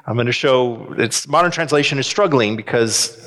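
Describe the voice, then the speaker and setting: A man preaching a sermon, animated and asking his listeners questions. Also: medium pitch, moderate pace. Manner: animated, asks the congregation questions. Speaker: pastor.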